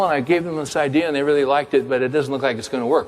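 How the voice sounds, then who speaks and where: An older man delivers a sermon as an animated storyteller, slipping into the voices of the people in his story. His voice sits at a middle pitch and carries a long hall reverb. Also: very fast, few pauses. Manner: animated storyteller acting out dialogue. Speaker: pastor and author.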